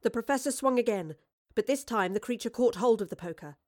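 A woman's voice: a little high, animated, a little fast, darkish tone. A woman narrating a story aloud, voicing all the characters herself.

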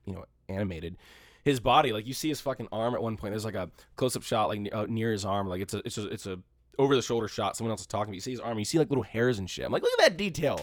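A man's voice: lowish voice, racing, dry recording, studio quality. A man co-hosting a podcast, talking casually about a movie in a rambling, profane way and mocking scenes by quoting them. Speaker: podcast co-host. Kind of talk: casual movie review chat.

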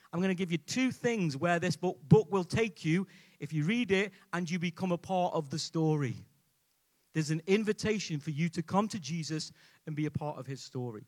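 A man preaching a sermon to a live congregation in a conversational way, often asking the audience questions. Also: sits high. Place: church before a live congregation.

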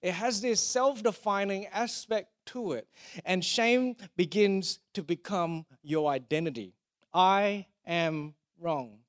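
A pastor, preaching a conversational, jokey sermon and asking the congregation to repeat lines after him. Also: male voice, high-pitched, animated, unhurried.

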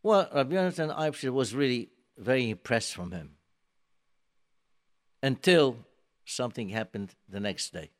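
A man giving a sermon, telling a story emphatically and swinging between soft and loud, with many restarts. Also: medium pitch, lively intonation, normal speed, long pauses. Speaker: rabbi giving a talk.

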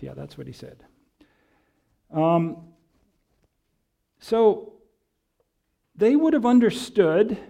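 A man preaching a conversational sermon, reading scripture and explaining it with frequent pauses and fillers. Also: sits high, warm tone. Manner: reads and re-reads scripture quotations.

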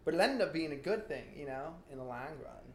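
A young man in casual conversation, telling an animated story with lots of fillers and laughter. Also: on the high side, quick pace, echoey room.

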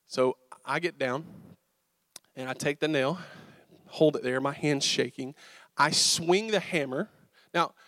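A man's voice: a little high, dry recording, studio quality. A young man, a pastor telling a self-mocking story from the pulpit and joking with his audience. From American South. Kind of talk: storytelling sermon. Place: church sanctuary.

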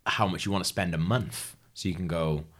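A man co-hosting a podcast in casual chat, throwing in quick, crude jokes. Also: deep voice, fairly bright tone. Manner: crude joking banter, quick interjections. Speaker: podcast co-host.

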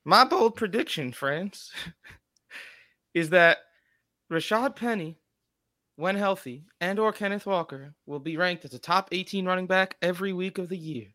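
A man's voice: sits high, animated, unhurried, long pauses, pushed and bright, dry recording, studio quality. A man co-hosting a casual sports podcast, chatty and upbeat. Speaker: podcast co-host.

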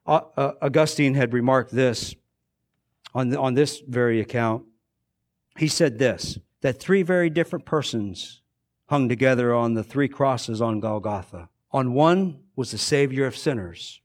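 A male pastor preaching a sermon, swinging between fervent, raised passages and hushed, quiet ones, repeating phrases for emphasis. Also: mid-range voice, a little slow.

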